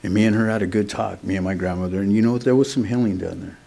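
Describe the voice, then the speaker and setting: A man's voice: lowish voice, fairly even intonation, very fast, gravelly, dark tone. A middle-aged man, speaking at a recovery meeting in a casual, earnest way, often adding "man" and "you know". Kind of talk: sharing a recovery story at a meeting.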